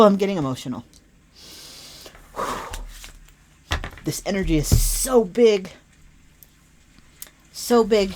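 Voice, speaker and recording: A woman giving an earnest, emphatic spiritual tarot reading, repeating phrases for weight. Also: low voice. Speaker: tarot reader.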